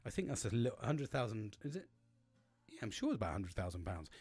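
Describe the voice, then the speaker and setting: A man's voice: fairly low pitch, sing-song, fast talker, a little mellow, breathy edge, no room sound. A man in his forties, hosting a podcast in a casual solo monologue, rambling and swearing with many restarts. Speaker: podcast host.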